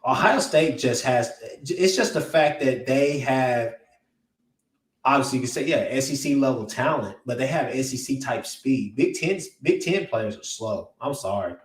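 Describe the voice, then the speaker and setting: A man's voice: medium pitch, animated, normal speed. Blunt rambling man, echoey and off-mic. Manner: blunt, rambling, with many restarts and filler words. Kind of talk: casual sports talk. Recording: roomy echo, distant from the mic.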